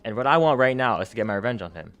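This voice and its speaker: The audio is dull as a young man with a mid-range voice races through a gaming story. His casual, rambling telling is full of slang, swearing and fillers, and his animated energy surges and dips.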